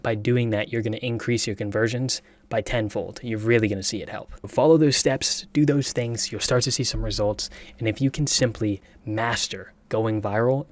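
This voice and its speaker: A man's voice: on the low side, no echo. A young man in his twenties giving a casual tutorial on online sales, hyped and slangy, often checking in with "right?". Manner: hyped, slangy, fast-talking with frequent "right?". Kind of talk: casual tutorial talk to camera.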